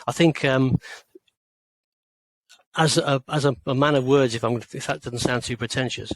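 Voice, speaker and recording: A man's voice: mid-range voice, fairly even intonation, normal speed, no echo, rough recording. Hesitant English man in his sixties. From rural England. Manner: hesitant, many fillers and restarts. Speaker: author, guest. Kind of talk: interview.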